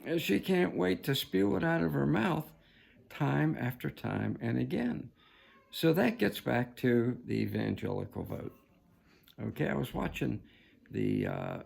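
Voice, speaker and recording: A man's voice: on the low side, creaky, a little mellow, husky. A man delivering an emphatic, preachy political commentary monologue to camera, often calling his viewers "folks".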